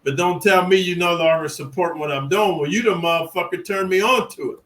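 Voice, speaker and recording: A man's voice: high voice, a little fast, fairly bright tone, poor audio. A middle-aged man from California telling prison stories in a boastful, rambling, streetwise monologue. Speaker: prison storyteller. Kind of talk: casual profane monologue.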